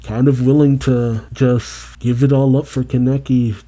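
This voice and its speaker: A man's voice: medium pitch, level tone, measured pace, warm tone. A man hosting a casual anime reaction video, chatting and talking back to the screen. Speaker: anime reaction channel host.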